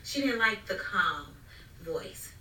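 A woman's voice: mid-range voice, expressive, slow, bright, forceful tone, slight background noise. A woman, a mother, chatting animatedly about raising her daughter and acting out what she says. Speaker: mother sharing parenting stories. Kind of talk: casual family chat. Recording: echoey room, mic at a distance.

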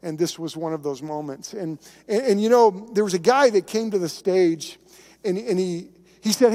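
A man's voice: high-pitched, moderate pace, mellow, in a large hall. A man, a pastor, preaching a sermon in a conversational, emphatic way and telling stories.

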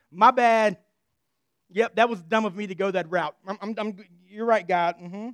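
A man's voice: high-pitched, fairly even intonation, unhurried, fairly bright tone, no room sound. A man preaching who puts on the voice of a sheepish ancient man, casual and flustered, stammering as he admits he was wrong.

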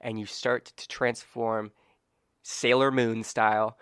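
Game master, young man, animated narration, bright voice, dry close-miked sound. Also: medium pitch, slow, smooth, no room sound. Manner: laughing often, filler-heavy, animated.

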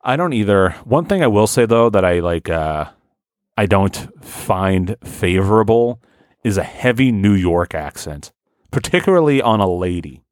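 Low-voiced rambling podcast host. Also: male voice, sing-song, moderate pace, smooth, no room sound, clean studio sound. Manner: rambling, frequent swearing and fillers. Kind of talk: casual chat.

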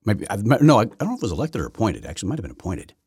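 A man's voice: on the low side, wildly swooping pitch, racing, darkish tone, husky, no room sound, studio quality. A man hosting a solo political commentary podcast, rambling and combative, often correcting himself mid-sentence. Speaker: podcast host.

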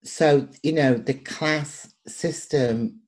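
A woman's voice: deep voice, drawn-out words. An older woman from Manchester with a Manchester accent, telling personal stories in an interview and acting out the voices in them. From Manchester, England. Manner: lively, acts out voices in her anecdotes. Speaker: poet and performer, interviewee.

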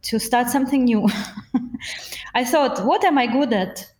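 A woman's voice: on the high side, normal speed, darkish tone. Woman in an echoey room. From Russia. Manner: reflective, hesitant, with many fillers and restarts. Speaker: guest. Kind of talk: conversational interview.

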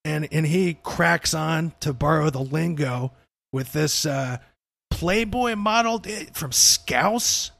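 A young man with a slightly high, gravelly voice, chatting loosely on a podcast. He talks in a relaxed, rambling way, swears freely and keeps saying "dude". The sound is dry and close, with no room around it. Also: takes it slowly, no room sound. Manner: laid-back, swears a lot, says "dude". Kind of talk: casual chat.

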